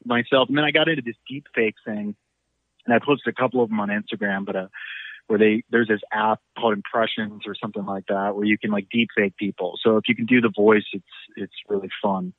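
A middle-aged actor chatting in an interview, rambling through stories with a self-deprecating streak. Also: male voice, fairly low pitch, steady tone, brisk, dry recording. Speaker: actor guest. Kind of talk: casual interview chat. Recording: tinny phone-like line.

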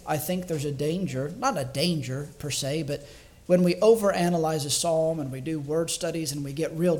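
Male evangelist with a fairly high voice, preaching in a thoughtful, measured way and thinking aloud. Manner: reflective and measured, slowing down to stress key words; thinks aloud with small restarts. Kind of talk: sermon.

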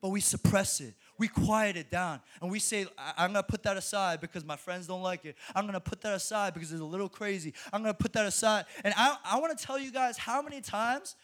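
A young man preaching a sermon to a college ministry, animated, laughing often and restarting his sentences. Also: sits high, a little fast, few pauses.

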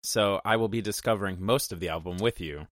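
A man's voice: sits low, no room sound, clean studio sound. A man co-hosting a podcast, joking around in a playful, easygoing way. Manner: playful, jokey, quick to laugh. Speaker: podcast co-host. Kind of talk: casual chat.

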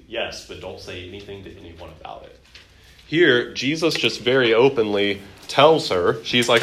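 A man's voice: lowish voice, moderate pace, reverberant, low-quality recording. A man teaching a Bible lesson to a class, asking questions and acting out the quotes. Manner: lively, quizzing students and acting out quotes.

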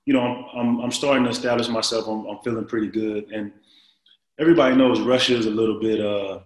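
A man in his forties telling a long story as an interview guest, rambling and animated, with many fillers. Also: lowish voice, fast, echoey room, rough recording. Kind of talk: casual storytelling.

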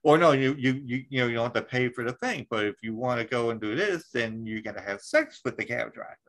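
A man's voice: mid-range voice, animated, quick pace, a bit bright, rough recording. A man hosting a podcast in casual chat, rambling with lots of fillers, restarts and swearing. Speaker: podcast host.

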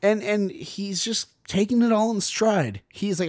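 A man's voice: high-pitched, a little slow, a little mellow, no echo, clean studio sound. A young man co-hosting a podcast, chatting casually and animatedly, full of "like" and "dude", acting out quotes. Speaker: podcast co-host. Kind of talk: casual chat about a horror film.

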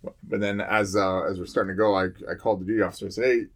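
A man's voice: sits low, little pitch movement, rapid-fire. A man, a firefighter, telling a fire call story in casual chat, rambling with many fillers and restarts.

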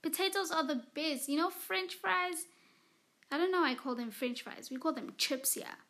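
High-voiced gushing young woman podcaster. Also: normal speed, a bit bright. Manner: gushing, rambling, full of "like" and repeated words. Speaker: podcast host. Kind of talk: casual solo podcast chat.

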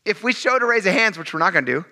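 Animated, bright-voiced male pastor preaching. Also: high-pitched, very fast. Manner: casual, animated preaching with acted asides. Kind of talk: sermon.

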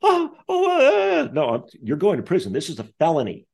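A man's voice: quick pace, slightly rough. A man telling a personal story as an interview guest, acting out the voices of the people in it. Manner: acts out quoted voices, lively pitch. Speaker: author and guest. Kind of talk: animated storytelling.

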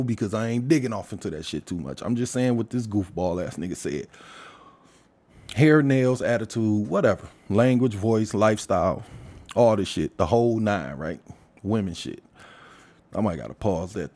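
A man giving a profane, heated casual rant, swinging from loud outbursts to low muttering. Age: adult father. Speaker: commentator.

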